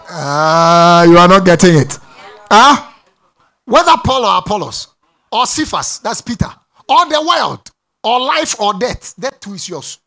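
A man preaching a sermon to a congregation, repeating phrases, laughing and breaking into shouts. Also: high-pitched, very animated, a little slow, creaky. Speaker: pastor. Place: church before a congregation.

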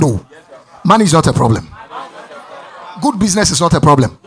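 A man preaching a sermon to a congregation, repeating phrases, laughing and breaking into shouts. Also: a little high, big pitch swings, fairly quick, long pauses, some chatter behind. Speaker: pastor. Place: church before a congregation.

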